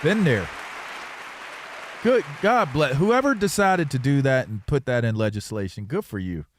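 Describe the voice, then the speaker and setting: A man's voice: mid-range voice, animated, normal speed, some chatter behind, a little hiss or hum. A man co-hosting a sports radio show, telling stories in a loose, rambling way and repeating words as he goes. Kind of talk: casual sports talk. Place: radio studio.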